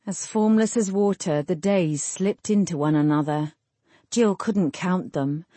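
Husky, mellow woman reading a novel. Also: on the low side, no echo. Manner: measured, lyrical storytelling. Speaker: audiobook narrator. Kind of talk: scripted narration.

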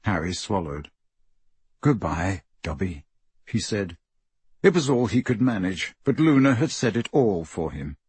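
A man narrates a story in a slow, measured way. His voice is husky and sits a bit low. The sound is dry and close to the mic. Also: sing-song, a little mellow, no room sound. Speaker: audiobook narrator. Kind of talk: scripted narration.

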